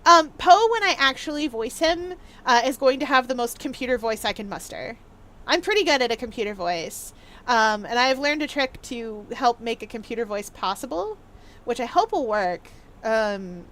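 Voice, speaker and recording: Bright, high-voiced woman game streamer. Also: expressive, moderate pace, slight background noise. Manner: chatty and playful, with frequent ums and laughs. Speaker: gaming streamer. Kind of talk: casual chat while live streaming a game.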